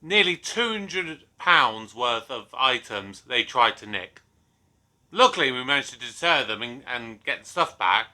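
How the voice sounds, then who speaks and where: Man, reaction host, casual commentary, bright tone, lively pitch. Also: measured pace. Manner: chatty and apologetic, laughs along.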